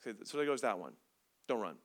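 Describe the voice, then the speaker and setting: A man preaching a sermon as a pastor, animated and comedic, acting out little scenes to make his point. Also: mid-range voice, fairly quick.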